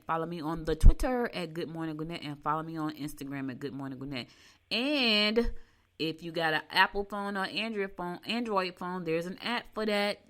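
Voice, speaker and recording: Brief: woman, middle-aged, podcast host, bright forward tone, chatty and folksy. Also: on the low side. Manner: folksy, animated storytelling with Southern US speech. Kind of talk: casual chat.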